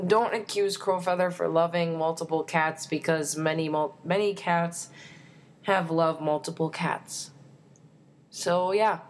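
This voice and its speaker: Young woman ranting excitedly. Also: on the low side. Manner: excitable and exasperated, many fillers. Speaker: fan vlogger. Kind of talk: opinion rant.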